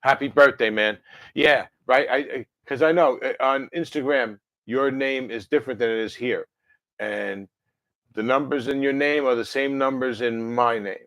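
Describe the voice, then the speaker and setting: A man's voice: medium pitch, moderate pace, fairly bright tone, dry recording. Brief: man, rambling livestream host, dry close mic. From New Jersey. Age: 50s. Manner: rambling and chatty, with many fillers and self-corrections. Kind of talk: casual livestream chat answering viewer comments.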